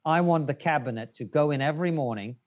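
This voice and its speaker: A man's voice: on the high side, fast, darkish tone. A man from Russia, a guest on a podcast, chatting casually with dry, wry jokes.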